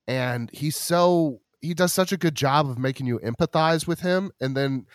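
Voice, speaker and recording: A man's voice: fairly high pitch, normal speed, no room sound, studio quality. A man hosting a podcast, chatting enthusiastically and rambling with many restarts. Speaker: podcast host. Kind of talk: casual chat.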